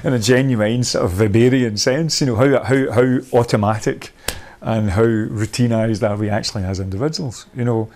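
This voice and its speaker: A man of middle pitch leads a workshop, talking things through as they come to him. He circles back, restarts and laughs now and then, in a chatty, discursive way. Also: moderate pace, few pauses, darkish tone. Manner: rambling, thinks aloud with many restarts. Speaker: workshop leader.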